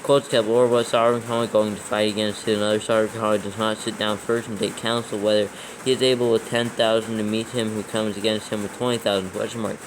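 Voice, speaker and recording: Guy reading bible text out loud with all the punctuation, low flat voice, bit of faint hiss behind. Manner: reads slowly and evenly, naming every comma and capital. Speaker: proofreader reading scripture aloud. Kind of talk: dictating text with punctuation read aloud.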